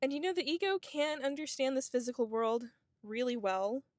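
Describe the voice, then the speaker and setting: A woman's voice: high voice, animated, normal speed, dry recording, clean studio sound. A woman in her twenties talking to camera in a casual, reflective monologue, musing in a spiritual way with lots of "like" and "you know". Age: 20s. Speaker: vlogger.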